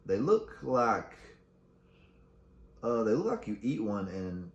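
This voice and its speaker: Low-voiced man joking in an echoey room. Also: big pitch swings, slow pace, highs cut off. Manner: crude joking while reading facts aloud. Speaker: podcast host. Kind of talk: casual solo podcast chat.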